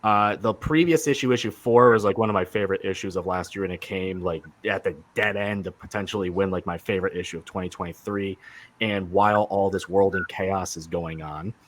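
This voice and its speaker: A man's voice: low voice, fairly quick, slight background noise. A man hosting a casual podcast chat about comics, enthusiastic and rambling with many fillers and restarts. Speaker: podcast host.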